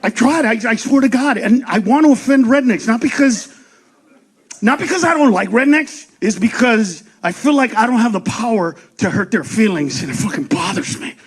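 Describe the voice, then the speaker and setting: A man doing a profane stand-up comedy set, ranting fast, shouting punchlines and acting out voices. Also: very high voice, lively intonation, breathy edge.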